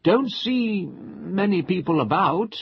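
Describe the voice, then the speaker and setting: A man voicing a tipsy, pompous middle-aged gentleman who speaks with exaggerated, sing-song civility. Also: high-pitched, expressive, slow pace, vocal fry, husky, no room sound, voice pushed up, exaggerated voice. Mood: tipsy, genial. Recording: dull lo-fi recording.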